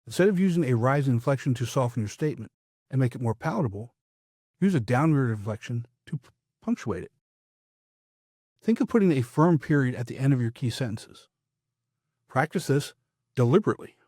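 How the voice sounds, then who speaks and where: A man coaching public speaking in a scripted podcast, with a measured, emphatic delivery and firm downward endings. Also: medium pitch, lively intonation, warm tone, husky, no room sound, clean studio sound.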